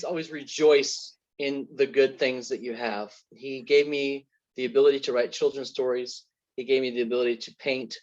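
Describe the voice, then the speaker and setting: An earnest man speaks as an interview guest, drawing on parables and faith to explain his outlook. His voice sits at a middle pitch. The recording sounds dull and lo-fi. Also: steady tone, normal speed, darkish tone. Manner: earnest, faith-centred storytelling through parables. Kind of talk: personal testimony in an interview.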